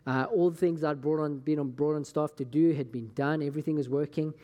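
Scottish male pastor, mellow, slightly high voice, casual storytelling sermon, echoing hall. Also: steady tone, fairly quick. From Scotland. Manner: casual, chatty, acts out conversations. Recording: long hall reverb.

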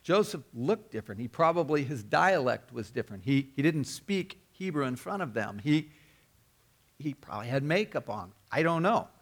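A man's voice: on the high side, big pitch swings, normal speed. A man preaching a sermon, telling the story earnestly and often repeating or restarting his words. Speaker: pastor.

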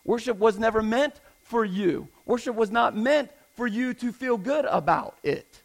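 A male pastor preaching in a high-pitched voice with a gravelly edge. He drives his points home emphatically, repeating key phrases and asking the congregation pointed questions. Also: unhurried, rough recording. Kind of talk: sermon.

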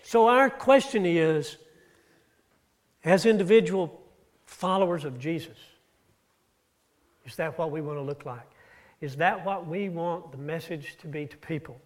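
Male preacher, slightly high voice, storytelling sermon delivery with rises and drops. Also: a little slow, long pauses. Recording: audio-only church recording.

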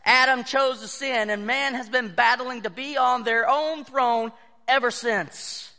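High-voiced preacher in an echoing hall. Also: male voice, a little slow, gravelly. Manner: animated storytelling, acts out quoted voices. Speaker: pastor. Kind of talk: sermon. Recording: long hall reverb.

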